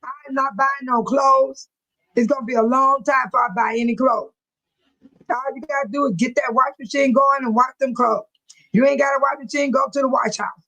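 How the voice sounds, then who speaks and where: A woman's voice: high voice, fairly even intonation, fairly quick, sharp tone, rough recording. A woman hosting a live chat, reading viewer comments aloud and often breaking into laughter, speaking in a folksy, churchy way. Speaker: livestream host.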